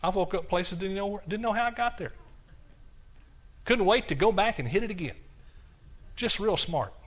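An older man preaches his own testimony in an earnest, repetitive way. His voice sits a little high, and he moves between hushed, slow stretches and passionate bursts. The recording is dull and lo-fi. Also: expressive. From Texas. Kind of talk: testimony sermon.

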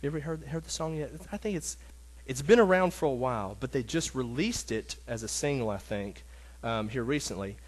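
A man teaching a casual Bible lesson, earnest and emotional, talking in a halting way with many restarts and fillers. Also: mid-range voice, lively intonation.

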